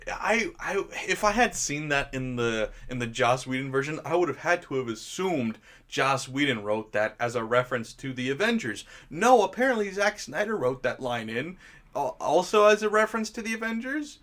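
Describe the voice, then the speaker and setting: A man's voice: fairly high pitch, very animated, moderate pace, fairly bright tone. A man hosting his own channel, giving a casual, sarcastic film review rant and chuckling often as he mocks scenes.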